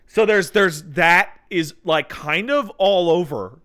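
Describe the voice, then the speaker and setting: A young man on a casual gaming podcast. He is an animated storyteller who drops into exasperated mock quotes and swears freely. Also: high-pitched, slow, smooth. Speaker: podcast co-host. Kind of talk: casual podcast chat about video games.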